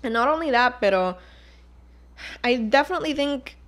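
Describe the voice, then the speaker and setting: High-pitched and a bit bright, this young Puerto Rican podcast host speaks at normal speed with lively intonation. Alone on her casual show, she swears in a heated, exasperated tone and slips Spanish into her English, her Puerto Rican accent clear.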